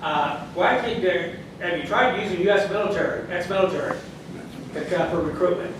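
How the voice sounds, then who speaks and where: A man in the audience asking a halting question, with many pauses. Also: sits high. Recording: echoey room, far from mic, noisy.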